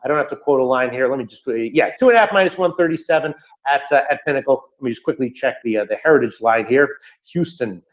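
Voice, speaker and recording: A man's voice: medium pitch, animated, fast talker, rough recording. A young man giving sports betting picks in casual chat, rambling with restarts and joking asides.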